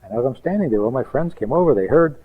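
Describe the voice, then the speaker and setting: A male rabbi with a husky, mid-range voice gives a fast-paced teaching talk on relationships, full of emphatic rhetorical questions and lively intonation. He slips into voices when quoting people, and the sound is narrow and tinny, as if over a phone line.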